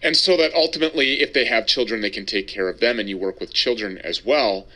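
A male host of a Christian talk show who speaks with emphatic, preacher-like conviction. His voice has a bright, forward edge. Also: lowish voice, fast talker.

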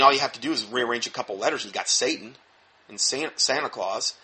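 A man preaching in an emphatic, animated teaching style, stressing points sharply and dropping into low mumbled asides. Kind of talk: sermon-style teaching talk.

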